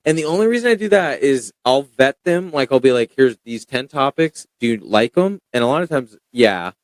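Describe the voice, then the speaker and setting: A young man chatting casually as a podcast guest, telling stories in a rambling, animated way with lots of fillers. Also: medium pitch, brisk, dry recording. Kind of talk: casual chat.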